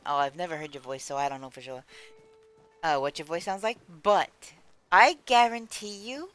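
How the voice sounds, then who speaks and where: A woman's voice: low voice, normal speed, fairly bright tone, clear, resonant tone. A woman streaming a game, chatting casually and rambling as she answers her chat. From United States. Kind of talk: casual live-stream chat while gaming.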